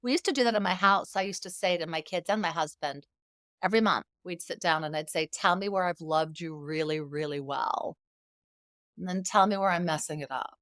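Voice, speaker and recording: A woman's voice: on the low side, a little fast, no echo, clean studio sound. A middle-aged woman, a guest in an interview, telling stories with emphasis and acting out the quoted dialogue. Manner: animated, emphatic storyteller who acts out quoted dialogue. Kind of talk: conversational interview.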